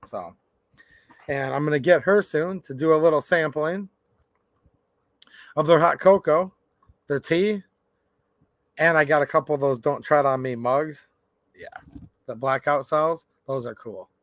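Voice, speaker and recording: A man hosting a casual live stream, chatting and reading viewer comments aloud in an animated way. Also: on the high side, unhurried, long pauses, no room sound, clean studio sound. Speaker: livestream host. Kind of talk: casual livestream chat.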